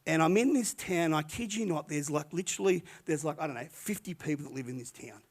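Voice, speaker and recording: An older man, a retired pastor, tells a story from the pulpit in a chatty, animated way. His voice sits a little high for a man, and he often restarts his sentences as he goes. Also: fairly quick. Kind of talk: sermon storytelling.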